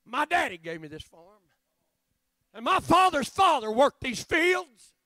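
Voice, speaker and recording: A man voicing a defiant old male farmer who stands his ground, shouting slow, drawn-out warnings. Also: extremely high pitch, sing-song, dry recording, voice pushed up, full character voice.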